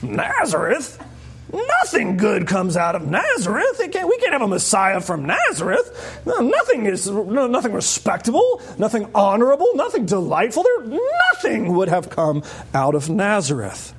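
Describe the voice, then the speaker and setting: Pastor doing a gruff blunt guy scoffing, pitched up a bit. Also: wildly swooping pitch, moderate pace, a bit bright, heavily acted. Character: gruff blunt skeptical young man.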